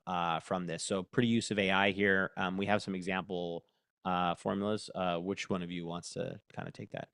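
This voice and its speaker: A man presenting a casual live workshop demo. He thinks aloud, gets excitable and laughs often. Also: lowish voice, clean tone, no echo, studio quality.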